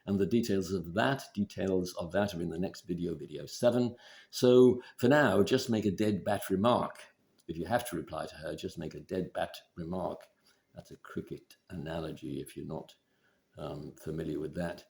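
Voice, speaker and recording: A man giving relationship advice in a measured, deliberate instructional talk. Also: low voice, creaky. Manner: measured, deliberate, steady explaining.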